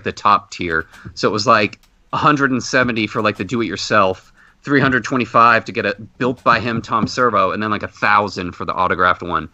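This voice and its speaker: A man hosting a podcast, telling a long casual story and acting out loud exclamations. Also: mid-range voice, dry recording. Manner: animated anecdote with loud acted-out exclamations. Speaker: podcast host. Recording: dull muffled podcast audio.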